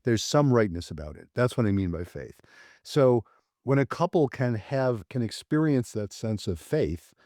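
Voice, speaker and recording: A man's voice: medium pitch, expressive, normal speed, a little mellow, no echo, studio quality. A male psychologist speaking as a podcast guest, reflective, illustrating his points with quoted examples from couples. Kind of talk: podcast interview.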